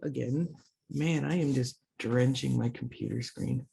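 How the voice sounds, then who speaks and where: A woman teaching a language lesson online through a computer mic, slowly repeating words for learners and adding chatty asides in between. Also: a bass voice, gravelly, warm tone, breathy edge. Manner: slow drawn-out word repetitions for learners; chatty asides with self-teasing.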